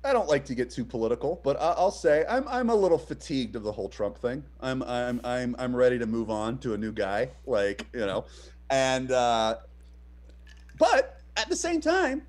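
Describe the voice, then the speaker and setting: A medium-pitched man at a moderate pace co-hosts a laid-back streamed chat. He wanders from point to point, hesitating with lots of fillers, and animatedly acts out the stories he tells.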